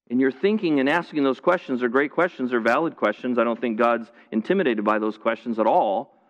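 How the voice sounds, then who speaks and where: A pastor with a medium-pitched voice preaches a little quickly to viewers watching from home, his church stream sounding lo-fi and roomy. He's earnest and conversational, often starting over and repeating phrases.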